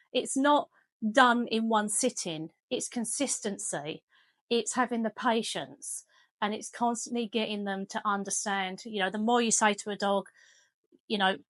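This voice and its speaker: Woman, dog trainer, fairly high voice, dry close sound, chatty and firm. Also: no room sound. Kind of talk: casual training demonstration. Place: home kitchen.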